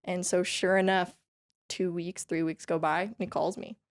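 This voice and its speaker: A woman with a lowish voice speaks at a moderate pace. She's a country fiddle player from California, USA, guesting on a podcast and telling stories in a chatty, upbeat way, laughing often between phrases and filling her talk with "like" and "you know."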